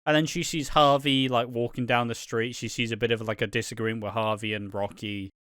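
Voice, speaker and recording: A man's voice: medium pitch, little pitch movement, a little fast, fairly bright tone, clean tone, no echo, studio quality. A young man co-hosting a casual podcast recap, swearing freely and acting out characters' lines. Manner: sweary, laughs often, acts out characters' lines. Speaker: podcast co-host.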